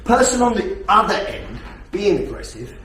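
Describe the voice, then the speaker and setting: A man's voice: high-pitched, big pitch swings, moderate pace, a bit bright, a little hiss or hum. A man teaching a self-defence class, blunt and full of swearing, firing rhetorical questions at his students. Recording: echoey hall, distant mic.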